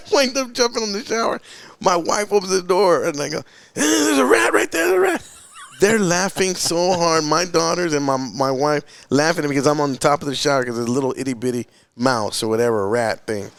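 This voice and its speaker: A man co-hosting a podcast, telling stories in an excitable way and laughing as he talks. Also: on the high side, brisk, no echo. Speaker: podcast co-host. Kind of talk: casual chat.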